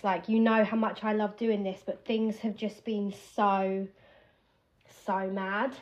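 A woman's voice: medium pitch, flat delivery, slow. A young woman hosting her podcast at home in a candid, rambling chat, breaking off and restarting her thoughts. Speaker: podcast host. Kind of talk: casual chat. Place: at home while doing her hair.

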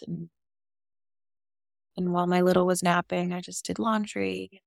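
Low gravelly woman telling her story. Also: flat delivery, a little slow, no echo, studio quality. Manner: open, emotional, casual with swearing. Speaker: podcast guest. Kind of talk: candid personal storytelling.

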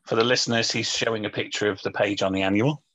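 A man's voice: on the low side, steady tone, quick pace, a bit bright, a little hiss or hum, poor audio. A man co-hosting a podcast, making brief, dry remarks in casual chat. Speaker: podcast co-host.

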